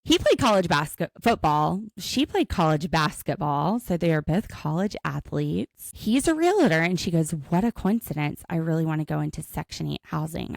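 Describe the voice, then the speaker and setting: Speaking with vocal fry in a low-pitched voice, this podcast co-host runs through a reality show recap, chatting casually and performing the cast's quotes with lively storytelling. There's no room sound on the recording.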